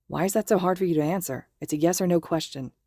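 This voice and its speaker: A woman's voice: on the low side, quick pace, warm tone, no room sound, clean studio sound. A woman voicing a frustrated young man who bluntly presses for answers. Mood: tense.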